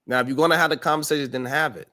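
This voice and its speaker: A man's voice: a little high, fairly even intonation, racing, sharp tone. A man hosting a live-stream panel, speaking bluntly and scolding a guest. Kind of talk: heated live-stream debate.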